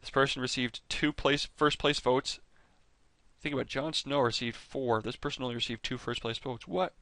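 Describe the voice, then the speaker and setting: An excited man talks casually through a fan countdown. He rambles, restarts his sentences and corrects himself as he goes. His mid-pitched voice has a gravelly fry, and it sounds dry and close, with little room sound. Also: normal speed, no room sound. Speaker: fan video host ranking characters. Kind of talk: casual rambling commentary over clips.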